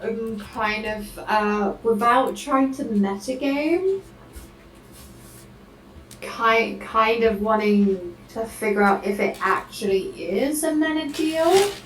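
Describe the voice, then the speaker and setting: A woman playing a tabletop game, speaking hesitantly and pausing to think. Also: a little high, animated, echoey room, far from the mic, low-quality recording. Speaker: player.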